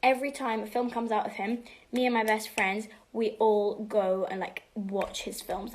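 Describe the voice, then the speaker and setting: A woman's voice: mid-range voice, little pitch movement, moderate pace, hardly any pauses, a little hiss or hum. A teenage girl casually answering fan questions on a livestream, chatty and bubbly, slipping between English and Spanish and often dropping to a whisper. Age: teens.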